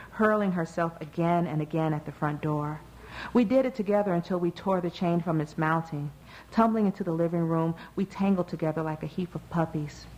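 Low-voiced woman reading a novel. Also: low-quality recording. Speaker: narrator. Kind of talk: audiobook narration.

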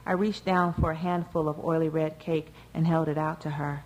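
A woman reading a first-person novel aloud in a measured, even way. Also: low voice, a little hiss or hum, low-quality recording. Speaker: audiobook narrator. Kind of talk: first-person literary narration.

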